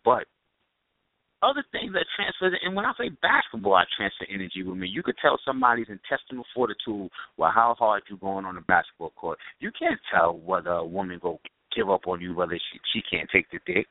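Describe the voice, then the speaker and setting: A man's voice: low voice, wildly swooping pitch, a little fast, vocal fry, no echo. A man co-hosting a radio talk show, joking and teasing in casual banter. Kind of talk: casual chat. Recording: dry phone-line sound.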